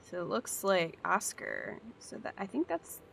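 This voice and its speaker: A woman's voice: medium pitch, sing-song, a little slow, creaky, fairly bright tone, a little hiss or hum. A woman giving casual, upbeat gameplay commentary and thinking aloud as she plays. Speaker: let's play host.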